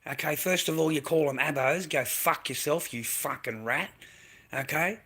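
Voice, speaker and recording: A man's voice: a little high, moderate pace, bright, forceful tone, husky. An Australian man ranting on a live stream, aggressive and profane, repeating himself and snapping back at viewers in chat. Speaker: livestreamer. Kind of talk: angry live-stream rant.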